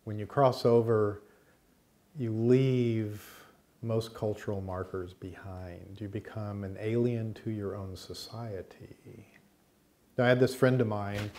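A middle-aged American man teaching a course, telling an anecdote in a lively way and acting out the voices of the people in it. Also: fairly low pitch, slight background noise. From United States. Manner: lively storyteller, acts out the voices in his anecdotes. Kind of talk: storytelling lecture to a class.

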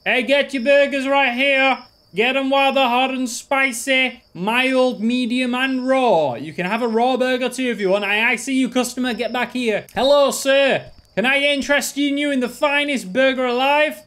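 A man voicing an overeager male burger vendor who loudly hawks his food to customers. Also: normal speed, few pauses. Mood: hawking. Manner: loud sales pitch, hawking to customers.

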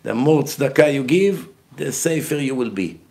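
An animated man of medium pitch, with vocal fry and a normal speed, lectures heatedly on religion as a rabbi. Blunt and emphatic, he asks questions only to answer them, and his voice grows loud and forceful whenever he presses a point.

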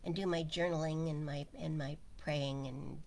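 A woman giving an informal spiritual talk, speaking slowly and musing aloud, often sinking to a near whisper. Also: low-pitched, fairly even intonation, a little mellow. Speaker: spiritual teacher.

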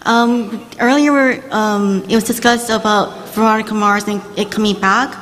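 A woman's voice: medium pitch, fairly even intonation, unhurried, a bit bright. Hesitant woman asking from the audience. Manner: hesitant, rising tone, many fillers. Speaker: audience member asking a question. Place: large convention hall. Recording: reverberant hall mic with faint noise.

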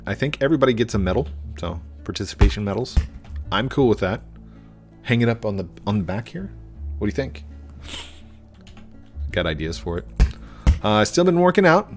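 Deep-voiced man rambling over gameplay. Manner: rambling, easily distracted, chatty. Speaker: gaming YouTuber. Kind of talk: casual gameplay commentary.

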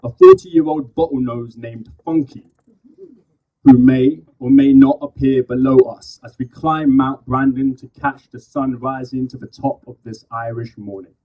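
A man from London performing spoken word poetry live on stage, with measured rhythmic delivery and casual asides between poems. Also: mid-range voice, steady tone. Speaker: poet. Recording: dull, distant live recording.

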